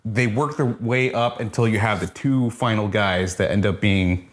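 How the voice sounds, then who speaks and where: Laid-back man with a lowish voice. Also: normal speed. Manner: laid-back, profane, pitching ideas. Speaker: podcast co-host. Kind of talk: casual wrestling review chat.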